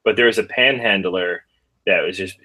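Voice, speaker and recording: A man in his thirties chatting casually on a podcast, relaxed, saying "dude" and restarting his sentences. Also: sits low, normal speed, rough recording.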